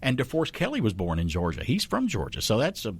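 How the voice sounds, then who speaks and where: A man hosting a casual radio talk show, chatty and quick to laugh. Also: medium pitch, husky, no echo. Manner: animated, chatty, laughs often.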